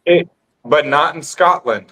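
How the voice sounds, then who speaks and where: A man's voice: a little high, unhurried, a crowd in the background, rough recording. A man in casual podcast chat, rambling and insistent, repeating himself as he explains. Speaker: guest on call-in podcast.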